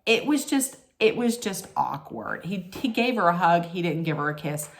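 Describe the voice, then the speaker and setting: A woman's voice: on the low side, lively intonation, normal speed. Blunt, emphatic woman ranting. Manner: emphatic, blunt and profane, many fillers. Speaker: vlogger recapping a reality show. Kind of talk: casual rant.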